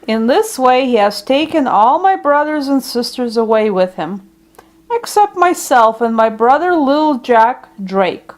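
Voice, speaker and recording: A woman reading a children's storybook aloud in a gentle, unhurried way. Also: high voice.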